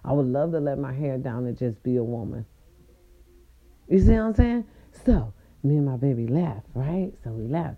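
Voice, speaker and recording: A woman hosting a podcast, telling a story in a casual, sassy way and swooping her voice up high for emphasis. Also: sing-song, moderate pace, phone-quality sound. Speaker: podcast host.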